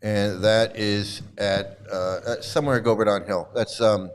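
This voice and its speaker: A middle-aged man hosting a livestream, chatting casually while showing old photos, halting with many fillers and restarts and laughing often. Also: lowish voice, fairly even intonation, clean tone. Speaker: livestream host.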